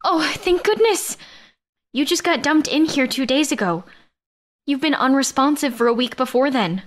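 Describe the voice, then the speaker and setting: A woman's voice: level tone, slow pace. A woman doing anxious, pleading young woman. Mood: relieved. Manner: high, eager and pleading. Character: anxious, caring young woman tending a friend.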